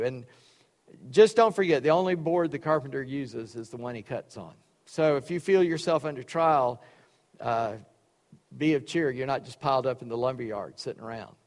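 A man preaching a sermon, reading scripture and explaining it with folksy, joking asides. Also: on the high side. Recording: long reverb of a large hall.

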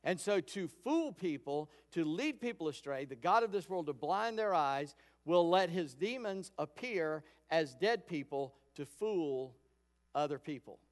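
A pastor giving a sermon in a conversational storytelling way, acting out quoted lines. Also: male voice, on the high side, expressive, measured pace. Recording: long hall reverb.

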